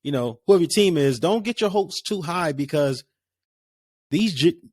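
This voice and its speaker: Rambling sports podcaster. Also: male voice, a little high, expressive, normal speed, darkish tone, dry recording. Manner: rambling, conversational, many fillers. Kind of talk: casual solo sports talk.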